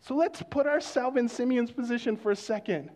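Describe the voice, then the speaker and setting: High-voiced male pastor preaching. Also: brisk. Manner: conversational storytelling with hushed exclamations. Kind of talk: sermon.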